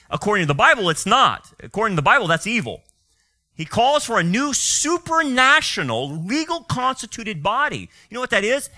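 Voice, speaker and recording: A male pastor delivers a fiery sermon, pressing his points with rhetorical questions and sarcastic asides. His voice is bright and edgy, and it swings widely in pitch, sitting a little above the usual range for a man.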